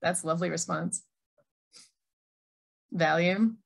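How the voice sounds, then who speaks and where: A middle-aged American woman gives an online keynote in a relaxed, conversational way. Her voice sits a little low, and she reads out chat replies as she goes. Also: measured pace, gravelly. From Minnesota. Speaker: keynote speaker, Arabic teacher.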